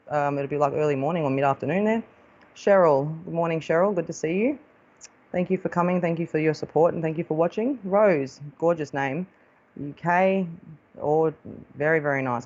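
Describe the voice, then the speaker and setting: An Australian woman hosts a live stream as a psychic medium, greeting viewers affectionately as "darling" in a casual, chatty way. Her voice is low-pitched with a darkish tone, and the high frequencies are cut off.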